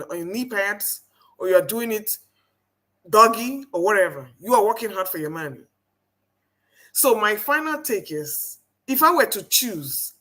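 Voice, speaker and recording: A woman's voice: medium pitch, sharp tone. A woman from the American South with a Southern accent, speaking emphatically as a panelist in a live debate. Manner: emphatic, rising into laughing outbursts.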